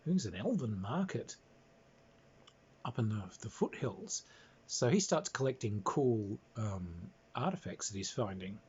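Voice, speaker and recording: A man's voice: fairly low pitch, expressive, unhurried, a little mellow, husky. A man casually recounting a tabletop game in an amused, rambling way, chuckling as he goes. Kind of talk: casual anecdote. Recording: dull lo-fi recording.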